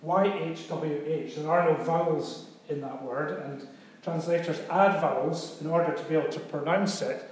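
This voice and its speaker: A man preaching a sermon, talking it through like a teacher and pausing to ask if everyone is with him. His voice sits a little higher than most men's. The recording carries a heavy echo from a big reverberant room. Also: fairly even intonation. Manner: conversational teaching, checks in with "okay?". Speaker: pastor. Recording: very echoey room.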